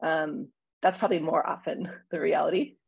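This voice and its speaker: A woman in casual conversation as a church minister, talking reflectively with many pauses and fillers. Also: low voice, steady tone, no echo, highs cut off. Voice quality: husky, gravelly.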